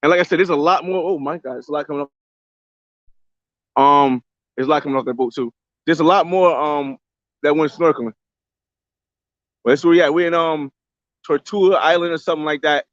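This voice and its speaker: A young man live-streaming a casual travel vlog from a beach, talking loosely in slang and shouting out viewers on a handheld phone. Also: fairly high pitch, brisk, long pauses, no echo. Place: outdoors on a beach by a boat landing. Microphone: phone camera held by hand. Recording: slightly dull lo-fi phone audio.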